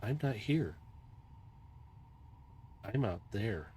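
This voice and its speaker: A man voicing a calm, curious small female caracal-like creature in a tabletop game, speaking softly and reassuringly. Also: fairly low pitch, extremely slow, slight background noise. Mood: musing.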